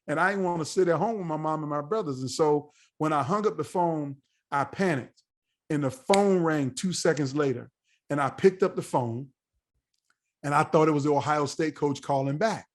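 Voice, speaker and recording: As a guest on a podcast, a middle-aged American man tells a story in a casual interview, speaking at normal speed in a voice on the high side. He's animated and acts out the voices of the people he quotes.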